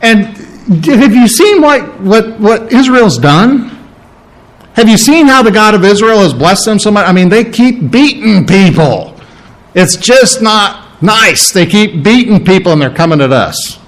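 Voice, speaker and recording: A man's voice: high voice, expressive, unhurried, pitched above the performer's own voice, low-quality recording. A man putting on a fretful pleading king. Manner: pleading, complaining. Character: anxious pleading male king, grown man.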